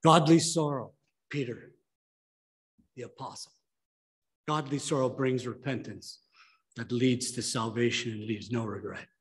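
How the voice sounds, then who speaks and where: A man's voice: medium pitch, unhurried, long pauses. A man preaching a church sermon as pastor, emphatic and pleading with his listeners.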